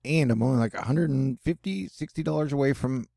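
Gravelly, dark-voiced man. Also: mid-range voice, fairly quick. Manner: jokey, rambling, self-deprecating asides. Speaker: host of a news and weather channel. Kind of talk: casual news commentary.

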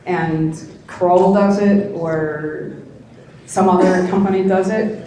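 A woman's voice: fairly low pitch, fairly even intonation, takes it slowly, dark tone. Chatty woman speaker in an echoey hall. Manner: conversational, with frequent tag questions. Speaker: conference speaker. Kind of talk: conference talk. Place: conference room. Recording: very echoey conference room.

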